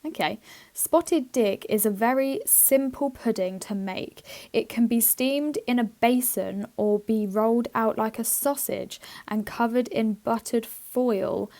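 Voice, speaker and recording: Giggly woman with a high voice. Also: measured pace, mellow. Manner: giggly, playful, swears freely. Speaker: podcast co-host. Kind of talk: casual chat, reading out a list.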